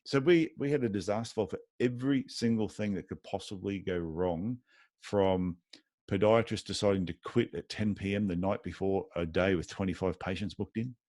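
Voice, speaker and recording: A man's voice: sits low, normal speed, darkish tone, no room sound, studio quality. A man who owns a podiatry clinic, telling anecdotes in a casual interview and acting out the dialogue of the people in them. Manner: tells anecdotes with lots of reported dialogue. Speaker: podiatry clinic owner as guest.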